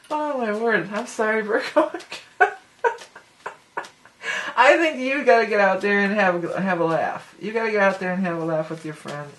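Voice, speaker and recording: A woman's voice: mid-range voice, moderate pace, fairly bright tone, slight background noise. Giggly, chatty woman reading tarot. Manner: chatty and giggly, breaking into laughter; talks straight to the viewer as "you". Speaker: tarot reader. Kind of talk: casual tarot reading monologue.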